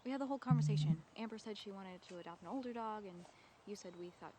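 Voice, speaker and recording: An actress playing a young woman after a breakup who talks to her mother on the phone in a wry, halting, defensive way. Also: medium pitch, mellow, slight background noise, natural voice. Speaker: lead character in a short film. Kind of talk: naturalistic film acting.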